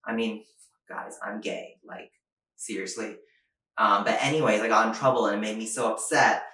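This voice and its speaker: A man's voice: fairly low pitch, steady tone, moderate pace, bright, forceful tone, distant mic. A young man from Asia performing a self-mocking stand-up comedy monologue, acting out his lines in raised voices. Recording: echoey room.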